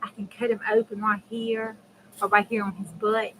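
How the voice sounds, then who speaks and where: A middle-aged woman with a drawl hosts a crafting livestream from her home craft room. She chats in a folksy, easygoing way, talking straight to her viewers. Her voice sits at an ordinary pitch for a woman. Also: level tone, moderate pace, fairly bright tone, slight background noise, low-quality recording. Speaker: craft channel host. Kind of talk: casual chat while crafting on a livestream.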